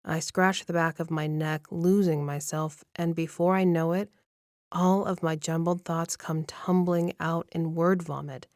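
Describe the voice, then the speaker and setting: In a deep voice, a woman steadily narrates a first-person romance audiobook with measured, even pacing. She sits close to the mic, and the sound is dry.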